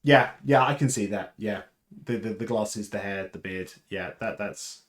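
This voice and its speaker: A man's voice: fairly low pitch, moderate pace. A man hosting a casual livestream chat, rambling and chatty with fillers and laughs. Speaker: livestream host.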